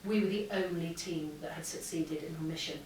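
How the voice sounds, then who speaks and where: A woman, a former air force pilot, giving a lively motivational keynote and acting out the dialogue in her stories. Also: low-pitched, fairly quick. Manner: lively anecdotal, acts out dialogue. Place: large hall with an audience. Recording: echoey hall, distant mic, faint hum.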